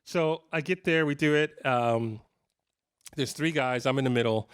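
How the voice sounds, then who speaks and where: A man in his fifties, a guitarist, speaks at a measured pace in a clear, resonant, medium-pitched voice. He's telling amusing tales casually to a live clinic audience, animated and quick to laugh.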